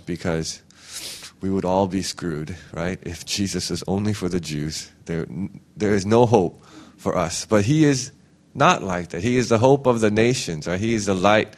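Lively conversational male preacher. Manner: conversational, frequent "right?" tag questions; acts out quoted voices with big pitch jumps. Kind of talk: casual sermon.

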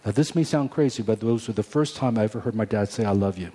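Earnest low-voiced pastor telling his story. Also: quick pace, warm tone, husky. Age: 40s. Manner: earnest storytelling with many restarts. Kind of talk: sermon testimony.

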